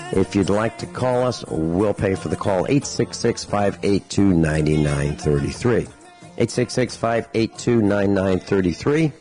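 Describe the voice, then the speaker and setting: Deep-voiced rambling radio talk host. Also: male voice, low-quality recording. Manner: chatty and rambling, stacks up lists of words, acts out quoted people. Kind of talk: casual radio monologue.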